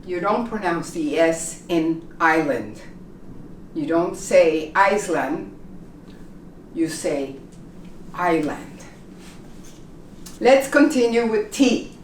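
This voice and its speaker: A woman teaching English pronunciation in a slow classroom lesson, carefully repeating each word for learners. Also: medium pitch. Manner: deliberate, repeats words slowly for learners. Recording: roomy echo, distant from mic, faint room noise.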